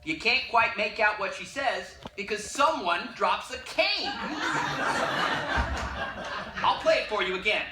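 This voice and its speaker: A woman's voice: medium pitch, lively intonation, moderate pace, heavy background noise, lightly acted. A woman plays a wistful middle-aged man who talks straight to the audience about an old record, wry and confiding. The voice sits in a middle range. It echoes through a theater over audience rustle. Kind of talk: stage musical acting. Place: theater stage.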